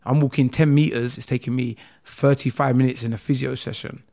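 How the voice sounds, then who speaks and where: A man with a London accent, a guest telling a personal story with feeling, acting out the dialogue in a lively way. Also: medium pitch, a little fast, vocal fry. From England. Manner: animated, acts out dialogue with rising voice.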